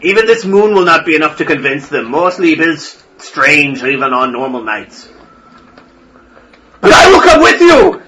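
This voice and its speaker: A man voicing an excitable, zealous male high priest of about sixty, exclaiming fervently. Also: unhurried, slight background noise, full character voice, rough recording. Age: 60s.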